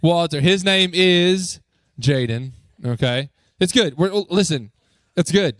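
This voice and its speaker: A man talks to a youth group in a church, upbeat and joking as he coaxes the crowd with quick questions. His voice sits a little high for a man, and the sound is close and dry. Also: lively intonation, a bit bright, no room sound. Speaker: youth pastor. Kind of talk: lively talk to a youth group.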